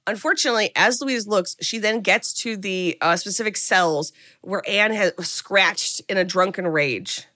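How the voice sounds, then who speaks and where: A young woman co-hosting a podcast, retelling a film in casual, animated chat and acting out quotes. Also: medium pitch, normal speed, no echo, clean studio sound. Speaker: podcast co-host recapping a film.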